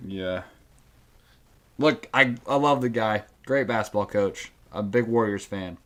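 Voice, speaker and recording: A man co-hosts a casual podcast, reacting in short dry remarks and steering the segment. His voice sits somewhat low. He speaks plainly and unhurried. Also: fairly bright tone. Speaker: podcast co-host. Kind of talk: casual chat.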